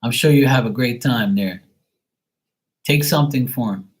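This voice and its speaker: A middle-aged man rambles through a late-night livestream. He is blunt and liberal with profanity. His voice sits at an ordinary middle pitch in a loose, offhand delivery. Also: moderate pace, poor audio. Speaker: livestream tarot reader.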